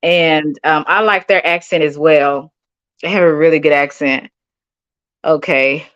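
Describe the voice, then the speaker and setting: A woman's voice: low-pitched, steady tone, unhurried, a bit bright, clear, resonant tone, no echo, muffled recording. A middle-aged woman from Dallas with a Texan accent, chatting sassily with viewers on a livestream. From Dallas, Texas. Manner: sassy and chatty, calls people honey and baby. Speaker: livestream host. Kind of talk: casual chat reading viewer comments.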